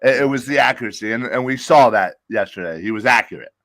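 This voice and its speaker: A man with a groggy voice co-hosting a casual sports podcast, talking bluntly with profane, animated rants. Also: medium pitch, fast. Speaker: podcast co-host.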